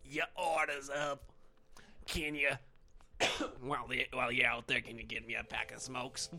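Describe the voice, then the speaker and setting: A man voicing a bossy, chain-smoking great aunt, gruff and coughing. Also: mid-range voice, level tone, moderate pace, pushed and bright.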